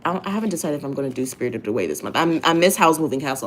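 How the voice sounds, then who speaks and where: A woman with a somewhat low voice talks straight to her listeners in a casual monologue. She is blunt and profane and hammers her points home by repeating phrases. She sounds like she is speaking from home. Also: animated, racing, hardly any pauses. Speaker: host.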